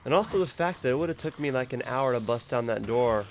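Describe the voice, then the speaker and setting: A man's voice: mid-range voice, animated, brisk, a little hiss or hum. A man giving casual, rambling gameplay commentary as a gaming YouTuber. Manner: rambling, loose, laughs easily.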